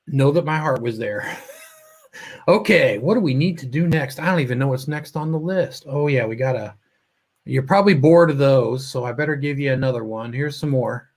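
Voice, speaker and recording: A man with a slightly high voice hosts a casual livestream and greets his viewers by name. He rambles and trails off mid-sentence, a little choked up and fond of his audience. It sounds like he is talking into a computer mic. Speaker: livestream host. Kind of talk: casual live-stream chat greeting viewers.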